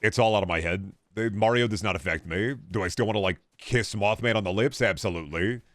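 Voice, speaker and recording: This dry, studio-quality recording captures a twentysomething man streaming a video game, with a lowish, fairly bright voice that runs a little fast. Playing as he goes, he answers his chat in casual, rambling banter full of jokes and profanity.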